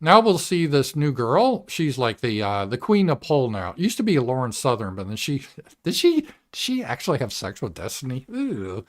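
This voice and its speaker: A man hosting a live political commentary show, talking casually and animatedly, swearing and mimicking voices in a shrill tone. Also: wildly swooping pitch, normal speed. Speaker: show host.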